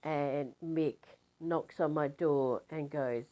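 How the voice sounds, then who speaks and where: An older woman, a spiritual teacher telling a story casually in a rambling, animated way with many fillers. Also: sits low, slow pace, poor audio.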